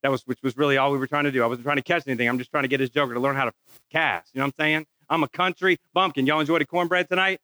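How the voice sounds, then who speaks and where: A man's voice: mid-range voice, steady tone, rapid-fire, sharp tone, slight background noise, poor audio. A middle-aged man preaching a sermon, telling a personal story in a folksy way and acting out the dialogue. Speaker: pastor.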